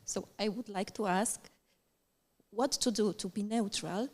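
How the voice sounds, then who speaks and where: Audience member, female, Polish accent, emotional, halting, reverberant hall. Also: mid-range voice. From Poland. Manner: emotional, searching for words. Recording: roomy hall with long reverb.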